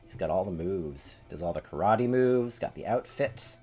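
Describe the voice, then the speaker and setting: A man's voice: low-pitched, lively intonation, normal speed, warm tone, slightly rough, faint music behind. A man live-streaming a story game, chatting and thinking aloud with fillers as he decides what to do. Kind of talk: casual live-stream commentary.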